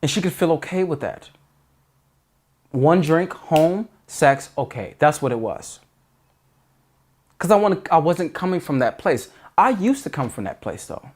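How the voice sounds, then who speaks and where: A man's voice: fairly high pitch, expressive, unhurried, long pauses, a little mellow, husky. A man giving dating advice in an earnest, emphatic monologue, often restarting sentences. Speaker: dating coach.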